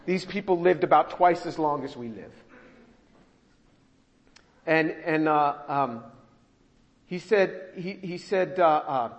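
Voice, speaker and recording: A male pastor giving a sermon, expressive and acting out the scripture he reads. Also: a little high. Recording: long hall reverb.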